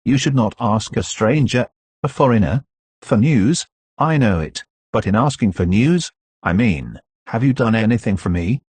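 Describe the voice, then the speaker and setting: An aloof, mysterious count, read by a man in a classic audiobook, polished and coolly indifferent. His voice is low and husky, recorded dry and close. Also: animated, normal speed, a little mellow, no room sound. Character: cool, mysterious aristocratic count.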